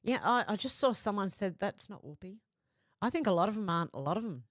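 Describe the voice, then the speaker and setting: During a casual livestream, a woman reads out her viewers' comments in a chatty, laughing manner, speaking close to a desk microphone. Her mid-range voice is animated and quick. No room sound comes through.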